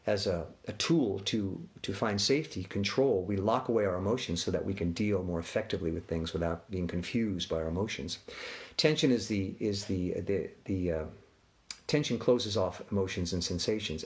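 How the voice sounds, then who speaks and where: Calm low-voiced man guiding relaxation. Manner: calm countdown cues, then loose musing with restarts. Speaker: relaxation guide. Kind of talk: guided relaxation and talk.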